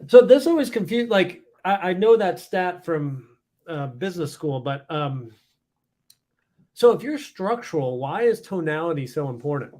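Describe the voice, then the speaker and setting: A man's voice: fairly high pitch, big pitch swings, normal speed, mellow. A man hosting an interview, asking questions hesitantly and restarting his sentences.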